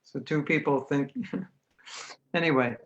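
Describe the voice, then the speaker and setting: Taking it slowly in a medium-pitched voice, an American man leads an informal spiritual lecture by video call, the highs cut off and slight background noise present. Chatty and animated, he slips into other people's voices when quoting them.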